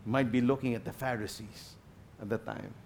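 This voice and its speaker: A man's voice: medium pitch, steady tone, fairly quick, gravelly, a little hiss or hum. Passionate Filipino preacher man. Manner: passionate, swings between loud emphasis and quiet asides; mixes in Tagalog phrases. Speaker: guest pastor. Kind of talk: sermon.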